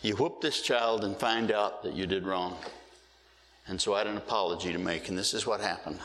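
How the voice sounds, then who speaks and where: A middle-aged male pastor preaching a sermon, stretching out key words slowly for emphasis. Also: sits low, fairly bright tone, slight background noise. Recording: hall reverb.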